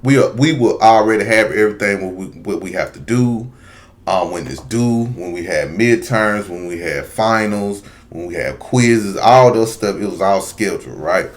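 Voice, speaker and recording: Lower-voiced man telling a story. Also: expressive, moderate pace. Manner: rambling, talks straight to viewers with asides. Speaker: video commentator. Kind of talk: casual storytelling monologue.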